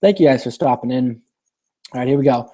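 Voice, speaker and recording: A man's voice: mid-range voice, fairly quick, mellow. A man hosting a casual live-stream Q&A, reading viewer questions aloud and rambling through his answers with many restarts.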